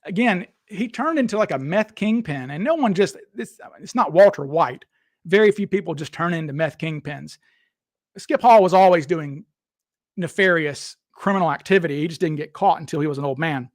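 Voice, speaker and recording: A man with a somewhat high voice hosts a casual live stream. He rambles, restarts his sentences and talks straight to his viewers. The sound is dry and close, with no room echo. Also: animated, normal speed. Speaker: livestream host. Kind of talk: casual livestream chat.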